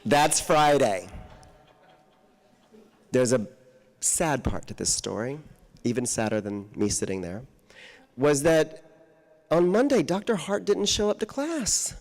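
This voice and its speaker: A man telling a personal story to an audience on a handheld mic, animated and often laughing as he acts out the people in it. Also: on the high side, slow, pauses often. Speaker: guest author speaker. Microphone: handheld microphone.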